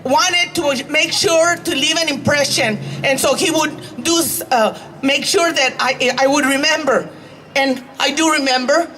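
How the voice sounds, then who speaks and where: Earnest woman rally speaker, high and bright. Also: poor audio. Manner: earnest, building to rousing exhortation. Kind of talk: personal story at a public rally.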